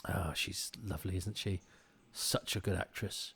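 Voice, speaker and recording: A man's voice: low voice, steady tone, unhurried, vocal fry, pushed and bright, breathy edge. A man giving casual commentary on an old TV episode, rambling and often restarting his sentences. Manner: rambling and self-interrupting, frequent restarts.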